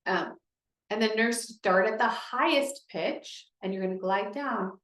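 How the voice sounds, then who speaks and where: A woman's voice: mid-range voice, measured pace, fairly bright tone, echoey room, low-quality recording. A woman speech therapist leading a group through voice exercises, encouraging and explaining each step.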